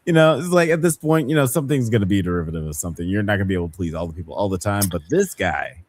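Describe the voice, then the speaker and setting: A man's voice: on the low side, expressive, very fast, a little mellow. A man co-hosting a podcast, reacting in easygoing casual chat with frequent fillers. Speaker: podcast co-host.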